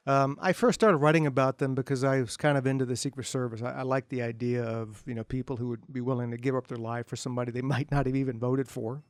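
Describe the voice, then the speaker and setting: A middle-aged man, an author, telling self-deprecating anecdotes to an audience at a bookstore event in a relaxed, humorous way. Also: medium pitch, no room sound. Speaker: author speaking at a book event. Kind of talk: humorous storytelling talk to an audience.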